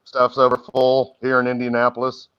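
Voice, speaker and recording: A man's voice: medium pitch, clear, resonant tone. A middle-aged man chatting casually on a livestream, laughing easily. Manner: chatty, laughs easily, talks fast when excited. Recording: dull lo-fi audio.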